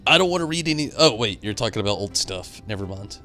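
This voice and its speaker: Rambling, animated young male streamer. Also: on the low side, quick pace, faint music behind. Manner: rambling, animated storytelling with swings into loud outbursts; reads out and answers viewer chat. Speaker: game streamer. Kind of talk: casual live-stream commentary.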